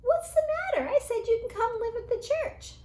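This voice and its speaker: A woman voicing an excitable little boy church mouse in a storybook reading, speaking in a high, squeaky voice. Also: takes it slowly, exaggerated voice. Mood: eager. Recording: roomy echo.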